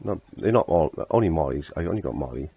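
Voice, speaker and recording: A middle-aged man with a low, deep voice talks through a painting lesson in a casual, chatty way. He laughs at himself often and lets his sentences trail off while he concentrates on his brushwork. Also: animated, fast talker, vocal fry, husky, lo-fi sound. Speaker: painting teacher.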